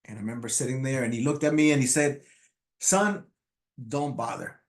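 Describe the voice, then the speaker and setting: A man in his fifties whose first language is Spanish, giving a motivational speech about his life, halting with many restarts and fillers. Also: mid-range voice. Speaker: motivational speaker. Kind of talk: personal storytelling speech.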